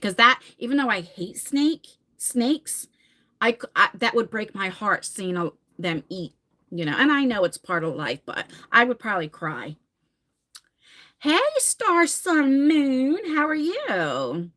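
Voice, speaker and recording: A woman's voice: mid-range voice, big pitch swings, normal speed, pushed and bright. A woman in her forties chatting on a live stream, reading comments and telling stories dramatically, swearing casually. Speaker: livestream host.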